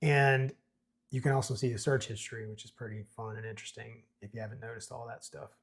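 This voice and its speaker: A middle-aged man hosting a screenplay breakdown, explaining in a relaxed, explanatory way. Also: mid-range voice, fast, slightly rough. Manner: explanatory, relaxed, with reading aloud. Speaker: host. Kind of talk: screenplay breakdown, reading and commenting.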